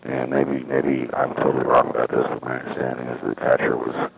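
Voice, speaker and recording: Gravelly low man on a phone line. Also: monotone, a little fast, a little hiss or hum. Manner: meandering, hesitant, wry. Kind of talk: rambling monologue from a payphone. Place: at an outdoor payphone. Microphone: phone handset.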